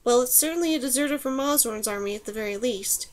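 A woman's voice: fairly high pitch, fast, natural voice. A woman voicing Dane, a spirited young girl.

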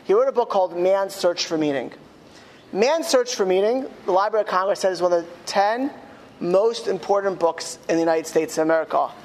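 A man, a rabbi, telling a story in a speech to school students. He slows down emphatically on key words. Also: high-pitched, darkish tone, in a large hall. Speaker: rabbi giving a talk at a school. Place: school hall.

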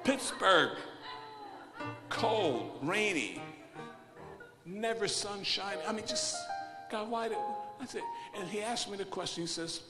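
A man preaching a sermon, moving from hushed quiet passages to loud, emphatic storytelling. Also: high-pitched, lively intonation, takes it slowly, long pauses. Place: church hall. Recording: large hall reverb with music behind. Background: instrumental music.

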